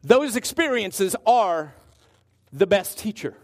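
Male pastor, high voice, emphatic sermon delivery with slow stressed words. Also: sing-song.

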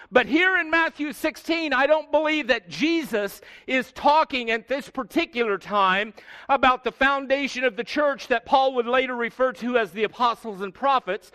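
Middle-aged pastor guy preaching, really high voice, leans hard on key words. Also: sharp tone, clean tone. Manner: emphatic preaching, slows and drops on key words. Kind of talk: sermon.

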